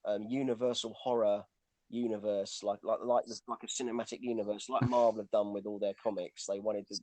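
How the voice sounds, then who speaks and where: A man's voice: on the low side, flat delivery, a little fast, darkish tone. A man co-hosting a casual film chat, rambling with many restarts and fillers. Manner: rambling, lots of restarts and "you know". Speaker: podcast co-host.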